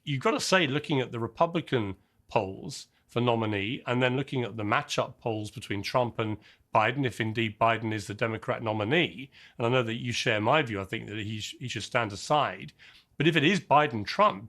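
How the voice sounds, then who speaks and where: A man hosting a news talk show, croaky from illness, putting direct, leading questions to his guest. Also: medium pitch, lively intonation, brisk, fairly bright tone. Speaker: host.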